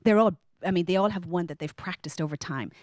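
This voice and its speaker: An Irish woman in her thirties tells a personal story to a live audience, animated and lively, acting out other people's lines with big jumps in pitch. Her voice is dry and close, with little room sound. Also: quick pace, no room sound. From Ireland. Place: stage before a live audience.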